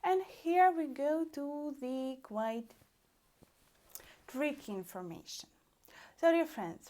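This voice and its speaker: Russian-accented woman teaching, lively. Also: sits high. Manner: animated, repeats "dear friends", stretches out examples slowly. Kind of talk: online language lesson.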